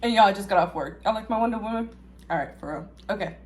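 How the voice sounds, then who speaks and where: A young woman, vlogging a food review, dramatic and chatty, swinging from loud squeals to low mutters. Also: fast. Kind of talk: casual food-review vlog.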